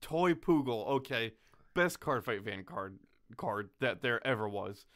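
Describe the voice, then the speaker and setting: A man's voice: mid-range voice, animated, measured pace, fairly bright tone. A man hosting a podcast, chatting casually with lots of laughs and fillers. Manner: rambling, laughing often, filler-heavy. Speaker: podcast host.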